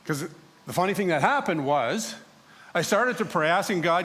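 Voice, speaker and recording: Speaking in character as a prophet, a pastor turns his sermon into a first-person dramatic monologue in a church sanctuary, performing the other voices as well. He sounds high, expressive, and fairly bright, at a moderate pace.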